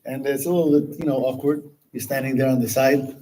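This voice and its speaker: A male rabbi telling a story at a Chassidic gathering, animated, with Hebrew words dropped into his English. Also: medium pitch, a little fast, rough recording.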